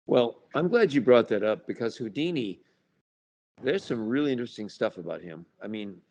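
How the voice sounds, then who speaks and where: In a casual interview, an American man who writes and researches the paranormal recounts wry anecdotes and acts out party chatter. His mid-range voice has lively intonation, a darkish tone, and a moderate pace.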